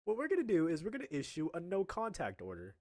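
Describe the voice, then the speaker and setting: A man voicing a stern male school dean who questions a student in a flat, deadpan way. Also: sits high, fast talker, pitched above the performer's own voice.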